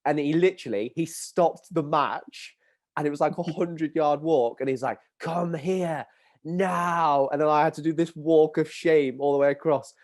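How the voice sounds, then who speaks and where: Animated English man telling a story. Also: on the high side, moderate pace. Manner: animated storyteller, laughs often. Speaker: podcast host. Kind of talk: casual chat, storytelling.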